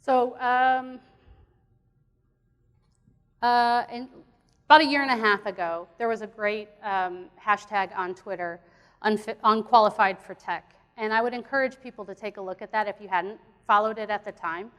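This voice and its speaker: A woman presents at a conference in an earnest, plainspoken way, with occasional fillers and restarts. Her voice sits at a medium pitch. The sound carries a long reverb from the hall. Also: moderate pace, fairly bright tone. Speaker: conference speaker. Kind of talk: conference talk.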